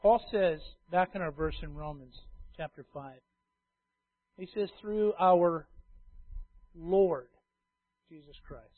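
A preacher with a high, ringing man's voice delivers a sermon, hammering home key phrases through repetition. He swings from loud declarations to quiet asides. The sound is thin and tinny, like it came over a phone line. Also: unhurried, no room sound. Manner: emphatic, repeats key phrases, swings between loud and hushed.

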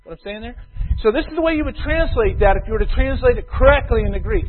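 A man preaching to a congregation, with a notably high voice. He reads scripture slowly and with force, then drops into easy explanation. The recording is thin and tinny, like a phone line. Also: animated. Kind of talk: sermon with scripture reading.

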